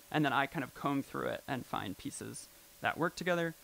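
A man's voice: medium pitch, normal speed, creaky, hardly any pauses, a bit bright, slight background noise, poor audio. A man presenting at a live event, talking casually and rambling with lots of "like" and "um" fillers. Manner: rambling, filler-heavy, with frequent "like" and "um".

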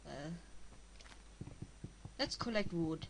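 A woman with a strong German accent, a native German speaker, giving halting, casual commentary as she plays a game and talks to herself. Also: fairly low pitch, expressive, vocal fry, noisy background. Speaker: let's player.

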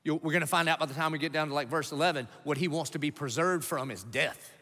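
Preaching fast and forcefully in a slightly high, bright voice, a male pastor hammers his points home with punchy rhetorical questions aimed at the congregation. The long reverb of a large hall surrounds the recording.

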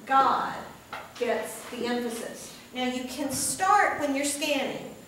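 A woman's voice: sits high, animated, slow pace, fairly bright tone, slight background noise. A woman teacher giving a classroom lecture, patient, repeating words and checking in with "okay?". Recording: echoey classroom from far off.

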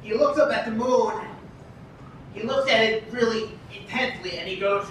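A man performing a comic spoken-word poem in a deadpan storytelling way at an indoor event. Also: high-pitched, moderate pace, slight background noise. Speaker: poet. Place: indoor food shop event. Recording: echoey room from far off.

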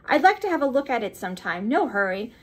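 A grave, distinguished lawyer who speaks in crisp, measured questions and dry remarks, as a woman reading a mystery novel aloud voices him. The tone sits fairly high with a slightly husky edge. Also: big pitch swings, a bit bright, heavily acted.

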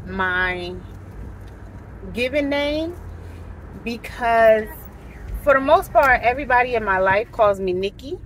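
A woman vlogger chatting casually to her viewers, telling a story in an animated way and often asking "right?". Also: on the high side, slight background noise.

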